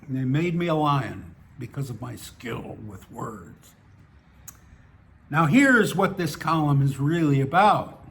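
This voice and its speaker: A man's voice: fairly high pitch, a bit bright. A man reading his own personal essay aloud, in a wry, dryly humorous way. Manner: wry, dry humour with small laughs.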